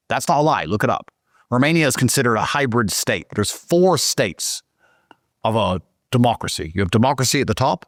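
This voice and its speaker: Man, casual storytelling, swearing, lively swooping pitch, dry close sound. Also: a little fast, no echo. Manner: profane, indignant, animated. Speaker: guest storyteller.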